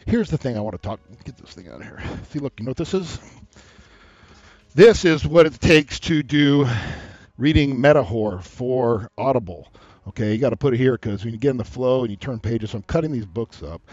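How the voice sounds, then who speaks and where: A man giving dating advice in a loose, rambling monologue, animated and full of asides. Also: on the low side, husky, dry recording. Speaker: dating coach. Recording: dull lo-fi sound.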